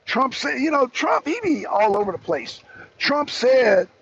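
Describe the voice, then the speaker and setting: A man with a high voice talks politics in a loose, rambling, slangy way, speaking straight to his audience. The live stream is noisy, and his faulty mic keeps cutting in. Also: sing-song, unhurried, gravelly, fairly bright tone, muffled recording. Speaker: talk show co-host. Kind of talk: casual political commentary. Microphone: struggling with a faulty mic on a live stream.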